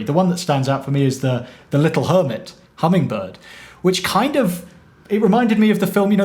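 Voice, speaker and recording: A man's voice: on the high side, darkish tone. Enthusiastic man hosting an interview. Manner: enthusiastic, quick to share examples. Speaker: show host. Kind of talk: conversational interview.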